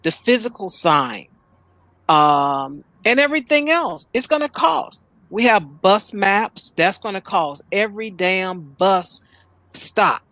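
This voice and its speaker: A woman's voice: medium pitch, animated, takes it slowly, a bit bright, dry recording. A woman from Chicago hosting a news reaction show from home, ranting bluntly and in exasperation. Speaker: host.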